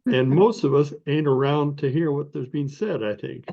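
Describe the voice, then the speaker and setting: A man making slow, thoughtful remarks on a video call. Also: a little high, vocal fry, mellow. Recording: muffled video call audio.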